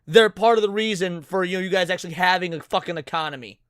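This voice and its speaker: High-voiced ranting male streamer, dry mic. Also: fast talker, a bit bright, smooth, dry recording. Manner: ranting, heavy swearing, stammering repeats. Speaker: streamer reacting to a clip. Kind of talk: profane reaction commentary.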